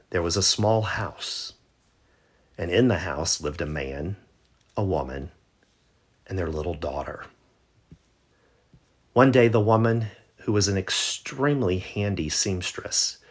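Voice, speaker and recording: A man narrating a bedtime story in a gentle, measured way. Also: low-pitched.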